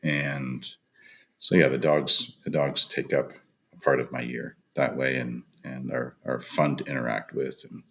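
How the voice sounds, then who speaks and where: Very deep-voiced middle-aged man. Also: flat delivery, a little slow, a bit bright. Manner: rambling, enthusiastic, with fillers. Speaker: guest wildlife photographer. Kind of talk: casual podcast chat.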